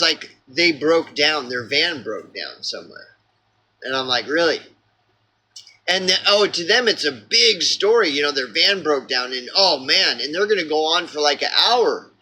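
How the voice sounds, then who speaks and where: Oklahoma man vlogging a rambling, exasperated rant; slightly high, tense and forceful. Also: poor audio. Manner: exasperated, profane, full of fillers and restarts.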